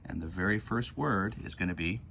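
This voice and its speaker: Teaching phonics to young kids, a man with a low, bright, forceful voice and some vocal fry slowly draws out words so each letter can be heard. He stays patient throughout, and faint noise sits in the background.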